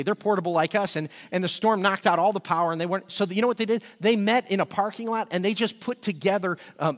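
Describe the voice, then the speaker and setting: High-voiced pastor preaching in a reverberant hall. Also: male voice. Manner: energetic, repeats words when excited. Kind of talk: sermon. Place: church service.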